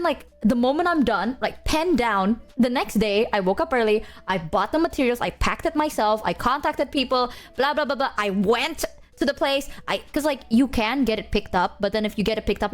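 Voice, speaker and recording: A woman's voice: fairly high pitch, expressive, fairly quick. A woman streamer chatting casually to her viewers, ranting emphatically and swearing often.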